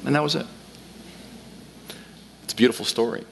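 A man preaching a sermon to his congregation, pitched in the middle range. He tells the story in an animated way and often restarts his sentences. The long reverb of a large church hall rings behind him. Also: moderate pace, vocal fry, slight background noise. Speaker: pastor.

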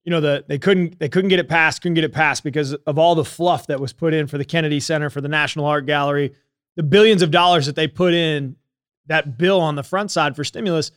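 A man's voice: a little high, fairly even intonation, fast talker, clear, resonant tone, no echo, clean studio sound. A man co-hosting a podcast who rambles heatedly, using lots of fillers and swearing. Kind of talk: casual political chat.

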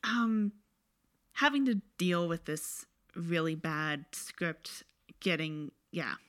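A woman's voice: fairly low pitch, animated, takes it slowly, a bit bright. A woman co-hosting a podcast, chatting casually about a bad movie and adding dry, wry quips. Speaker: podcast co-host. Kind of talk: casual movie review chat.

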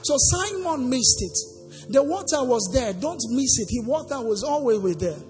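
A woman's voice: high voice, big pitch swings, normal speed, a little mellow. A woman preacher delivering a sermon, asking the congregation questions for them to answer and lilting some phrases in a sing-song way. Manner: call-and-response questions to the congregation. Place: church hall. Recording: long hall reverb with faint music.

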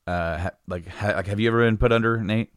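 A man with a fairly low voice tells a winding story in relaxed conversation, stumbling over restarts and breaking into laughter often. The sound is dry and close, with no room around it. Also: fast, clean tone, no echo. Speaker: podcast guest telling a story. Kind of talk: casual storytelling chat.

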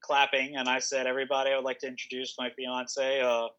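A man's voice: medium pitch, completely flat delivery, very fast, pushed and bright, dull audio. A young man, a political candidate, telling stories in a casual podcast interview with many fillers and restarts. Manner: rambling storyteller, frequent restarts and fillers, laughs often.

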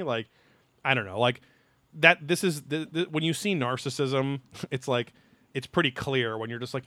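A man in casual podcast chat, profane and animated, mocking what he talks about. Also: mid-range voice, normal speed, dry recording. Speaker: podcast co-host.

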